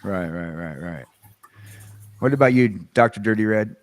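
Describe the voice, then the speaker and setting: A man hosts a casual stream chat in a rambling way, padded with fillers and false starts. His pitch moves around a lot. The sound is close and dry. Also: animated, moderate pace, no room sound. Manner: rambling, many fillers and restarts. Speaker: host.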